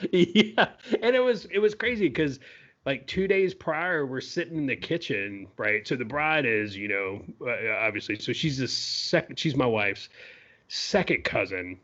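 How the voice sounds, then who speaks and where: A man's voice: medium pitch, animated, unhurried, a bit bright, dull audio. A man co-hosting a podcast, telling a story in a loose, chatty way, full of "you know" and "right?" asides. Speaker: podcast co-host. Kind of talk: casual storytelling.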